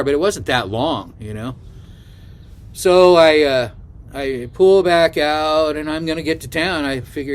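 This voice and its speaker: An older man with a fairly high voice, chatting to his viewers as he tells a story. He rambles along with plenty of asides and "you know"s. It sounds like an easygoing travel vlog. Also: measured pace. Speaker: travel vlogger. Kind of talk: casual storytelling to camera.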